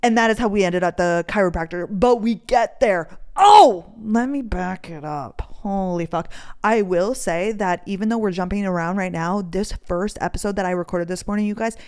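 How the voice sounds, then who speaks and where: A young woman with a lowish, clear, resonant voice hosts her own podcast. She chats her way through a rambling everyday story, swearing freely and vividly acting out what other people said.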